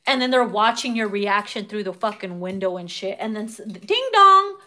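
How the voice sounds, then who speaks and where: A tarot reader gives a casual reading, brash and profane, laughing often and animatedly acting out people's quoted reactions. She's losing her voice, which is getting worn. Her pitch is medium and she speaks at normal speed.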